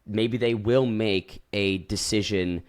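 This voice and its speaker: A man's voice: lowish voice, slow pace, clean tone. A man co-hosting a podcast, casually recapping a reality show and acting out quotes from it. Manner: animated storytelling, acts out quotes, swears. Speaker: podcast co-host.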